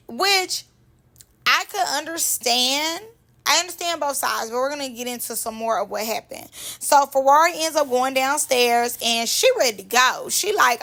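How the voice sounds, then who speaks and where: A young woman hosting her own vlog, recapping reality TV in an animated, slangy, chatty way. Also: sits high, measured pace. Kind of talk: casual commentary vlog.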